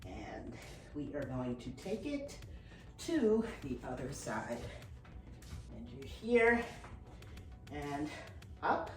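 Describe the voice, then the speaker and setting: A woman's voice: low-pitched, sing-song, slow, long pauses, a little mellow. A middle-aged woman fitness instructor, slightly out of breath, cueing form and counting reps during a dumbbell workout. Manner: encouraging, counts reps and cues form while exercising. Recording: roomy, from a distance, with faint music.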